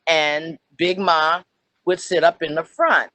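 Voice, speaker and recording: An older woman telling a personal story on a video call, animated and acting out the voices she quotes. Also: sits low, slow pace, dry recording. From New Jersey. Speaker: webinar presenter.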